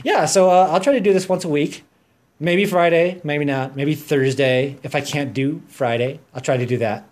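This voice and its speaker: A man's voice: a little high, moderate pace, darkish tone. Hyper, goofy male podcast host. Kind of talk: casual solo podcast chat.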